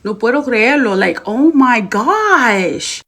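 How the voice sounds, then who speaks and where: Fired-up american woman ranting, gravelly fry in her voice, indignant. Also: fairly high pitch, very animated, slow. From United States. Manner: indignant, heated, drops to hushed tones. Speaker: commentator. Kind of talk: angry opinion rant.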